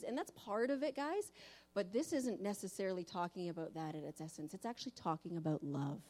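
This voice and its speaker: A woman preacher giving a sermon in an animated storytelling manner. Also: on the low side, brisk.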